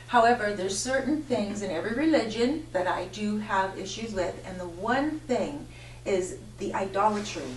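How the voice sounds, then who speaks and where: A woman life coach giving an informal spiritual talk to a live audience, telling stories animatedly and often correcting herself. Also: mid-range voice. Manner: animated storyteller, frequent self-corrections. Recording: echoey room, voice from far off, faint hum.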